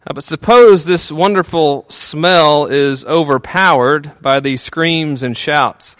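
A male pastor preaching a sermon in a relaxed, conversational way, with frequent fillers and small chuckles, dropping to a soft, hushed tone when he prays. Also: on the high side, slow pace, no echo.

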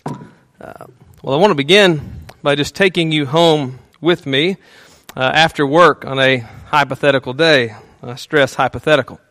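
With a fairly high voice and an unhurried delivery, a pastor talks his way through a sermon, often chuckling and using filler words. Prayer brings his tone down to a quiet hush, and the audio has no room sound.

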